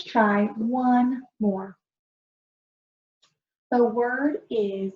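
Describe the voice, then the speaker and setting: A woman as a patient phonics teacher, slightly high voice, roomy and dull-sounding recording. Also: lively intonation, a little hiss or hum. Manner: slow, patient, encouraging, stretches out sounds. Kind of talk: early reading lesson for young children.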